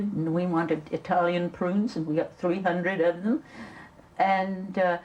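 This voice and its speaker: An older woman recalling the past in an interview, halting and repeating words as she tells her story. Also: fairly low pitch, a little mellow, low-quality recording. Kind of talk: reminiscing interview.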